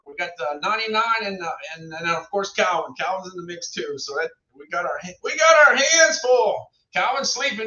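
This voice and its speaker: The livestream host, a middle-aged man reviewing products, has a high, bright voice with a forceful tone. He rambles casually to his viewers and repeats his phrases, captured in roomy, distant, dull lo-fi sound.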